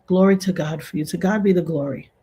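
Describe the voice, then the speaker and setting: Husky-voiced woman hosting a livestream. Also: fairly low pitch, fast talker. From northern United States. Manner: affectionate, preachy, shouts out chat viewers. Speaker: livestream host. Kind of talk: casual livestream chat.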